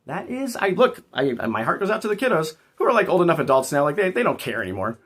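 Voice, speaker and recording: Man, casual livestream host, rambling jokey chat, very animated pitch. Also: fast talker. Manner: rambling, joking, talking back to chat.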